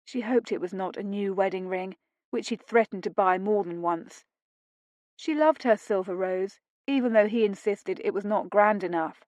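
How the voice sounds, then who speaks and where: A woman narrating a historical romance audiobook in a steady, measured way. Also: medium pitch, no room sound, dull audio. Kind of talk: scripted narration.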